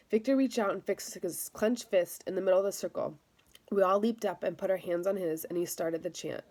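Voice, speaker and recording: A woman reading a novel aloud as a first-person narrator, in a steady, measured storytelling manner. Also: on the low side. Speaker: audiobook narrator.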